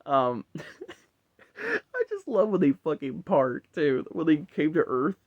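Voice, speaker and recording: A man's voice: on the high side, wildly swooping pitch, slow, no echo, muffled recording. A man giving a casual, rambling film review full of swearing and frequent laughter. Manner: rambling, profane, laughs often. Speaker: movie reviewer.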